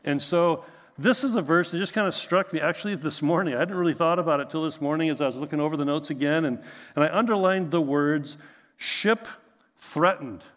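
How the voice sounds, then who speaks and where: A man's voice: a little high, quick pace, long reverb tail. Humorous male pastor preaching. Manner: conversational, humorous, asks rhetorical questions. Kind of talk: sermon.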